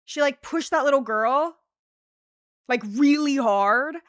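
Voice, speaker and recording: Female streamer, casual chatty storyteller, higher voice, dry close mic. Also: takes it slowly, no echo. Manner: animated storytelling, laughs often, fillers like "like". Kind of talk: casual livestream chat.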